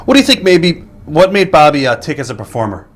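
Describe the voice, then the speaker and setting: A man asks an interview guest a steady run of questions at a quick clip. His delivery is brisk and to the point, and he nudges the guest along. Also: fairly high pitch.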